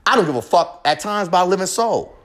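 A man's voice: sits high, animated, fast talker, a bit bright. A man delivering a confessional monologue in a heated, profane, emphatic rant, hammering home short repeated phrases.

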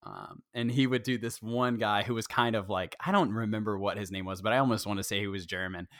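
A man's voice: lowish voice, fairly even intonation, fairly quick, a bit bright, no room sound. A man co-hosting a podcast in casual chat, laughing often and rambling. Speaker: podcast co-host.

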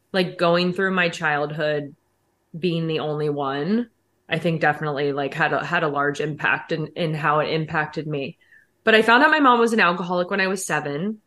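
Woman from philly guesting on a podcast, lowish voice, super frank and candid. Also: a bit bright. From Philadelphia, USA. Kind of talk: casual interview chat.

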